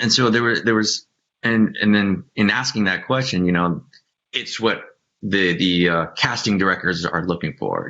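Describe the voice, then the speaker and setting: A man speaking on a panel, thinking aloud with frequent pauses, ums and restarts. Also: low voice, pushed and bright. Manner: hesitant and reflective, many ums and restarts. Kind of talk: candid panel discussion. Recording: dull lo-fi audio.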